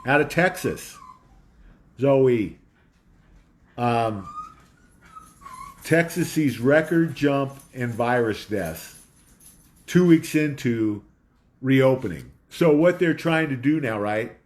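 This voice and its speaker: Male home host, slow unhurried delivery, rambling and conspiratorial, dog in the background. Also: medium pitch, expressive. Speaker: host of a home talk show. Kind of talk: casual monologue.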